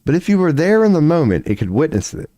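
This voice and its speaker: A man's voice: fairly high pitch, sing-song, fast talker, dark tone, no echo, studio quality. A man in his forties chatting casually on a livestream, rambling and profane, laughing often as he talks. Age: 40s. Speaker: streamer.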